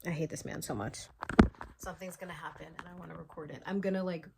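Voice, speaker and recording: A young woman vlogging her reactions to a book, animated and ranting, full of "like" fillers and the odd swear. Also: fairly low pitch, fast talker, gravelly, heavy background noise. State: sleepy late at night. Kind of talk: casual reading vlog reactions.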